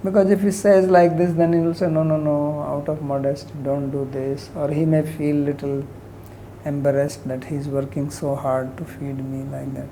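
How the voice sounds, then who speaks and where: A man teaching scripture, soft-spoken, letting his voice fade at the end of phrases and lifting his pitch to act out quoted lines. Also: flat delivery, moderate pace, slight background noise, low-quality recording. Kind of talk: lecture on scripture.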